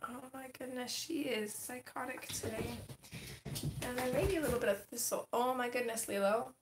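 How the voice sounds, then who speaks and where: A woman's voice: sits high, measured pace, pauses often. A woman hosting a casual livestream, chatting to her viewers and talking to her cat. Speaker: livestream host. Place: home desk, indoors. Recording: echoey room with faint noise.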